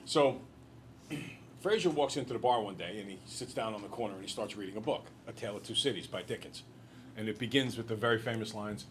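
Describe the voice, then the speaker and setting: A male teacher lecturing a class in an animated, joking storyteller way. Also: mid-range voice, fast talker, a little hiss or hum.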